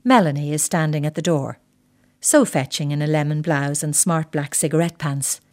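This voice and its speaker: A middle-aged woman narrates a first-person story at a measured pace. Her voice sits a little low, and her reading is reflective with a quietly bitter edge.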